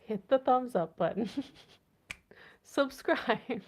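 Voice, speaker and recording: A woman's voice: on the high side, animated, drawn-out words. A woman hosting a casual livestream, playfully chatting with viewers and reading their comments aloud. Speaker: livestream host. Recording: dull lo-fi stream audio.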